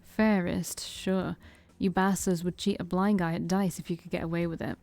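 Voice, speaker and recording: A woman's voice: fairly low pitch, flat delivery, normal speed, vocal fry, darkish tone, soft background music. A woman doing a jeering punk vampire. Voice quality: jeering, profane.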